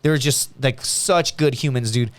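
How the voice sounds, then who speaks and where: A man guest on a podcast, telling stories in a casual, animated and profane way, acting out other people's lines. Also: medium pitch, measured pace. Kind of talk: casual storytelling chat.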